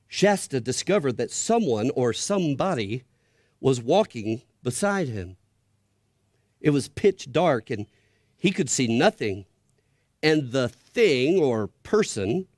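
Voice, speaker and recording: A man's voice: mid-range voice, dry recording, clean studio sound. A middle-aged man and father of grown children reading a story aloud with drama to an audience. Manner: expressive, dramatic read-aloud.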